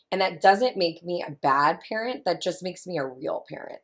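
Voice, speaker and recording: A woman's voice: fairly low pitch, lively intonation, normal speed, a bit bright. A woman in her thirties, a family consultant, talking in a chatty, emphatic way and repeating her key points as a guest in an interview. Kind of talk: casual interview talk.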